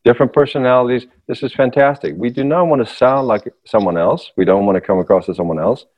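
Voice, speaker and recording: A man talking as a voice coach in a podcast conversation, explaining with animated, lively demonstrations. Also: mid-range voice, fast, highs cut off.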